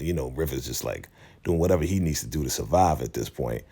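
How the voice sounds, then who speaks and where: A man hosting his channel, giving a casual, animated, slangy recap of a TV episode. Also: extremely low pitch, fast, gravelly, slightly rough. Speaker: channel host.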